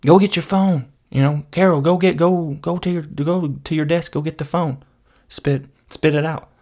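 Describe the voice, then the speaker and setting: A man's voice: fairly high pitch, fairly even intonation, moderate pace, darkish tone, pitched above the performer's own voice, lightly acted. A man voicing insincere office coworkers, falsely sweet and pushy. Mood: urgent. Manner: falsely sweet, then hissing urgently. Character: fake-polite office coworkers.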